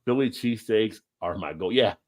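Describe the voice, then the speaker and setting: A middle-aged man from New Jersey co-hosting a casual livestream, reading comments and ranting with big jumps in pitch. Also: moderate pace. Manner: animated, jumps high in pitch when ranting. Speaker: livestream co-host.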